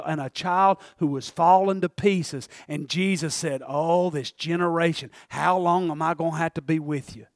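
A male pastor preaching a sermon, moving from quiet scripture reading to shouted, fervent passages. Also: no echo, studio quality. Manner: swings from low reading to shouting fervor.

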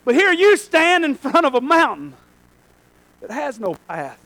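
A male pastor preaching a sermon in a church, swinging between shouted lines and quiet asides. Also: very high-pitched, wildly swooping pitch, measured pace, low-quality recording.

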